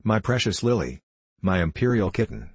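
A man's voice: fairly low pitch, big pitch swings, moderate pace, husky, no echo. A man reading as a flustered chess queen. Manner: breathless, flustered. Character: fussy excitable chess queen.

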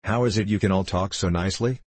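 A man's voice: low-pitched, fast, breathy edge, no room sound. A man reading the lines of a polite, curious young girl in a storybook, in an earnest questioning manner. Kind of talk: audiobook reading.

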